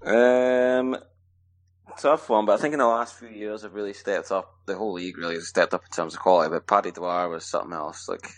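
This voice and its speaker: A man from Scotland, a hockey player answering podcast questions in a relaxed, rambling way with plenty of fillers. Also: lowish voice, brisk. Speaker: guest ice hockey player. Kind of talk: casual podcast interview.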